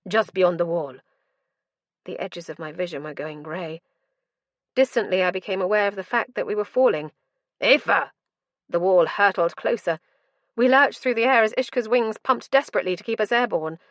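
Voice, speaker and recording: A woman's voice: mid-range voice, brisk, dry recording. A woman narrating a first-person fantasy audiobook in an intense, dramatic storytelling manner.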